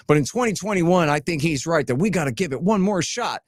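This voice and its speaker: A man's voice: on the high side, no echo, studio quality. A man speaking as a guest in a casual podcast conversation, blunt and emphatic, firing off lists of points with rising heat. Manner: emphatic, blunt and animated, piling up rapid lists; mocking tone when voicing opponents.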